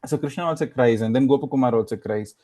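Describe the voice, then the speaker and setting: Mellow-voiced preacher telling a story. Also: male voice, mid-range voice, fast talker. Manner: retells scripture as a story, acting out quoted lines, many fillers. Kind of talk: storytelling sermon.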